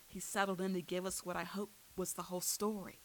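A woman reads a first-person thriller aloud, her voice sitting low. She leans into the drama and lifts sharply when the action peaks. A faint hiss runs under the recording. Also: flat delivery, a little fast, poor audio. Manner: dramatic, rises sharply for shouted lines. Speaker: audiobook narrator. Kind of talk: first-person story reading.

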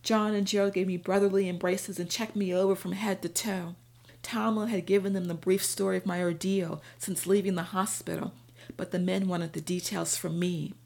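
A woman narrates a first-person audiobook in a steady, even way. Her voice sits low with a noticeable creaky, gravelly grain. She tells the story at an unhurried storytelling pace.

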